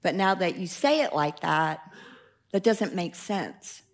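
A woman's voice: fairly low pitch, animated, pitched below the performer's own voice, full character voice. A woman quoting a hesitant, mumbling man. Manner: hesitant and halting. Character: reluctant, mumbling middle-aged man on a plane.

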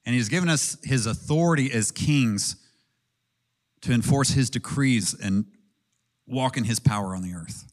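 A man's voice: medium pitch, a little slow, pauses often. Earnest, conversational male preacher. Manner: earnest, conversational preaching with ums and audience questions. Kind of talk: sermon.

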